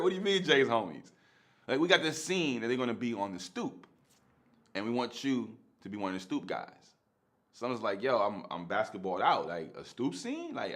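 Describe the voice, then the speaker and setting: A man, telling a story in casual, slangy street talk and laughing often. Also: fairly low pitch.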